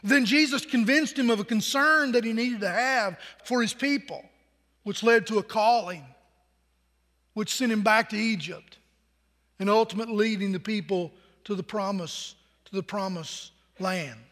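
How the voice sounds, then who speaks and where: A man's voice: high-pitched, moderate pace, a bit bright, long reverb tail. A man pastor preaching a sermon in a conversational way, asking the congregation questions.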